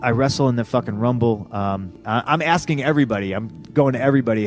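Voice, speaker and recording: A man's voice: mid-range voice, fast, few pauses, soft background music. Blunt, profane man telling stories. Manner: profane, blunt, animated when quoting others. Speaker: podcast guest, pro wrestler. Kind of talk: casual storytelling interview.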